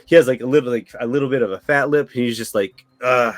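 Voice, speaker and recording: A man's voice: medium pitch, quick pace, dry recording. A man running a tabletop game as dungeon master, narrating in a rambling way with many restarts.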